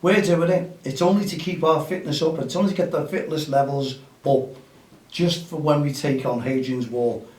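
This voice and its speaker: A man's voice: fairly high pitch, steady tone, normal speed, a little mellow. Chatty man, distant and roomy. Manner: chatty and upbeat, rallying listeners. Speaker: host of a grassroots football show. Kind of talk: casual outdoor podcast chat.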